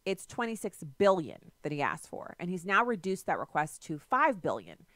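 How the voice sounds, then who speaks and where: A woman's voice: on the low side, wildly swooping pitch, moderate pace, fairly bright tone, dry recording. A woman hosting a political talk radio show, delivering a sarcastic, emphatic monologue into a studio microphone.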